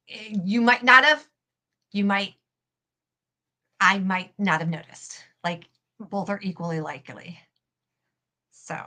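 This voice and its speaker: A woman's voice: mid-range voice, sharp tone. A young adult woman hosting a casual craft live stream, chatting in a rambling way with lots of fillers and the odd swear. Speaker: cosplay prop maker and live-stream host.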